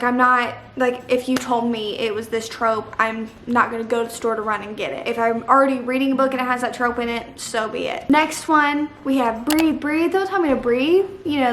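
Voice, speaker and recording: A young woman with a fairly high voice chats about her opinions in a casual, dramatic way. She sounds like she is in an echoey room, with a faint hiss of noise behind her. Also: a bit bright. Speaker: book vlogger. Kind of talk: casual chat.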